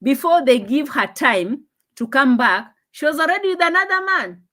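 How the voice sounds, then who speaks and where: Young woman, casual live-stream chat, lively pitch, laughs often, phone mic. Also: normal speed. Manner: animated, laughing, drops to low asides.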